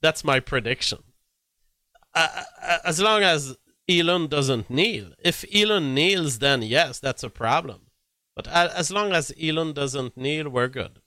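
A man talking at an unhurried, deliberate pace, with a bright, forceful and smooth voice. He is a blunt, opinionated commentator who reads posts aloud and reacts to them, swearing freely. The recording is dry and close. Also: fairly high pitch, animated, no echo. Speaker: political commentator.

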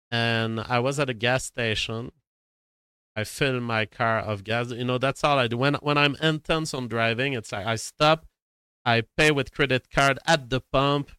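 A man's voice: mid-range voice, bright, forceful tone, clean tone, dry recording. A man from Canada telling a rambling, profane, self-dramatizing anecdote. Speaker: storyteller. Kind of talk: casual anecdote.

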